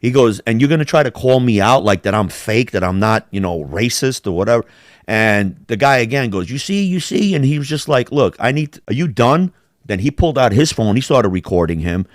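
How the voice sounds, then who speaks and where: A man's voice: medium pitch, expressive, a little fast, no echo, clean studio sound. Rambling, profane male podcast host. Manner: rambling, profane storytelling with quoted voices. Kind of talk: casual chat.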